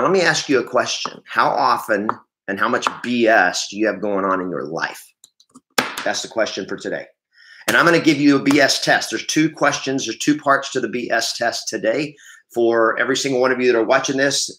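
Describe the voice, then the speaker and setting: A man's voice: mid-range voice, bright, forceful tone, reverberant, slight background noise. A man hosting a casual morning live stream from his home training room, rambling and correcting himself as he greets viewers by name. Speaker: livestream host and real estate trainer.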